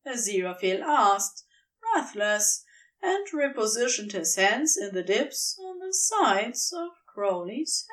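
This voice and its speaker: Slow, expressive woman narrator. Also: fairly high pitch, distant mic. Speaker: podfic reader. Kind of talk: scripted narration.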